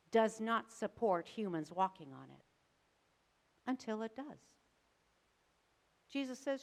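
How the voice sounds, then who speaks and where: A woman pastor preaching a sermon, telling the story dramatically with varied emphasis and pauses. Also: a little high, animated. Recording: long reverb of a church sanctuary.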